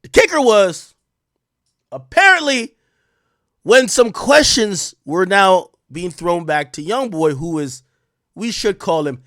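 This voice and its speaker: Male streamer, mocking rant, bright and tense voice, very lively delivery. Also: sits high, slow, no echo, clean studio sound. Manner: sarcastic, mocking, swings between loud outbursts and muttered asides. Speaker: streamer and commentator. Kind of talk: animated live-stream commentary.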